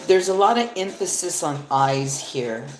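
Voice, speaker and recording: A woman's voice: on the low side, lively intonation, measured pace. A woman giving a casual live-stream tarot reading, rambling and swearing freely as she talks to her viewers. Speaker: tarot reader. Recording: echoey room with faint music.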